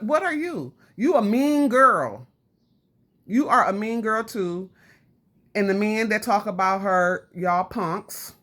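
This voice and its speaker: A woman's voice: lowish voice, a bit bright. Woman vlogger ranting at the camera, preachy and scolding, slangy, keeps repeating herself. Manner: casual slangy speech. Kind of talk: direct-to-camera commentary rant.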